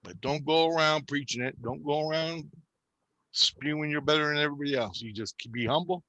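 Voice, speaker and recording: A man casually retelling his spiritual experiences, animated and full of swearing. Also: a little high, a little fast, no echo. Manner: profane, animated, retells dialogue. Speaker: channel host recounting spiritual experiences. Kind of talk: casual storytelling conversation.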